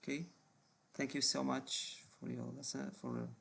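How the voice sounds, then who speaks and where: A man with a very gravelly, creaky voice and a flat, even delivery. He teaches a one-on-one English grammar lesson, patiently repeating words and nodding along with short affirmations. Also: mid-range voice, measured pace.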